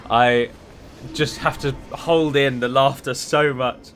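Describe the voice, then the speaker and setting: A man's voice: medium pitch, fairly even intonation, slow, a crowd in the background. A man with an English accent giving casual let's-play commentary on a strategy game, chatty and prone to rambling asides. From England. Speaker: gaming YouTuber.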